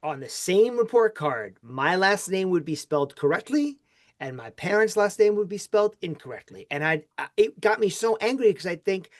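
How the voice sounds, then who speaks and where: A man hosting a podcast who tells a long personal story in a casual, animated way, with his pitch swinging widely. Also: normal speed. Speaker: podcast host. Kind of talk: casual interview chat.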